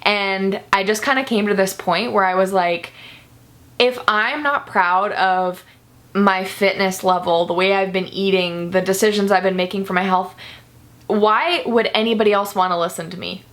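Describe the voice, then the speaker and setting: A woman's voice: medium pitch, normal speed, fairly bright tone. A young woman talking to camera in a candid personal vlog, earnest and confessional, near tears at times. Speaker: vlogger.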